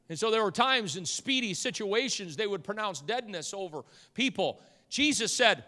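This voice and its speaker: A man's voice: sits high, animated, moderate pace, few pauses. Fiery preacher man in a big hall. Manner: swings from hushed storytelling to loud shouted fervor. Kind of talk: sermon. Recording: long hall reverb.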